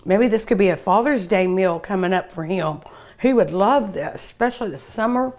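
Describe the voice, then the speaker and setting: A woman's voice: mid-range voice, moderate pace, darkish tone. An older woman with a Kentucky Southern accent, hosting a cooking show and gushing over each dish as she tastes it, humming and sighing between bites. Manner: savoring, gushing over each bite with hums and sighs. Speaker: cooking show host and restaurant owner. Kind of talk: food tasting show.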